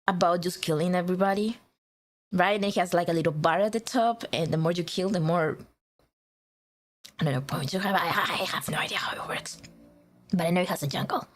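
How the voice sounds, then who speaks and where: Playful, giggly woman streamer. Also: fairly low pitch. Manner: playful and teasing, giggly, with stammered restarts. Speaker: livestreamer. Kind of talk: casual livestream chat greeting viewers.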